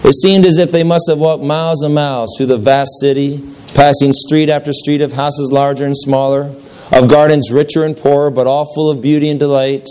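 A man reading a story aloud as a preacher, steady and unhurried, with occasional slips and restarts. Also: on the high side, smooth, rough recording. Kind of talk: storytelling narration.

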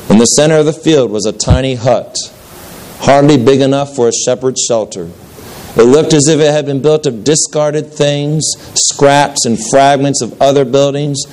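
A man reading a story aloud as a preacher, steady and unhurried, with occasional slips and restarts. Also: medium pitch, poor audio. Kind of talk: storytelling narration.

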